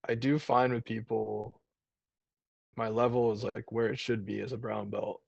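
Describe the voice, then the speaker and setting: A man talking over a video call with a gravelly, husky voice. He rambles loosely and restarts often, and the muffled call audio sounds dry and a little dull. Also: lowish voice, level tone, moderate pace, darkish tone, no echo. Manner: rambling, many fillers and restarts. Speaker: guest, jiu-jitsu brown belt.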